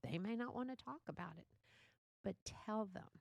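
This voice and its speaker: A woman's voice: medium pitch, normal speed, vocal fry, darkish tone, dry recording, muffled recording. An older woman hosting a solo podcast, chatty and motherly, laughing often as she talks. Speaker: podcast host. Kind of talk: casual solo podcast talk.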